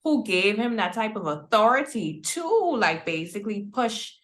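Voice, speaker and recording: Woman guest, bright crisp voice, talking it through, echoey room. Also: medium pitch, big pitch swings, normal speed. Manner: puzzled, questioning, laughs. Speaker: show guest commentator. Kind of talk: casual chat.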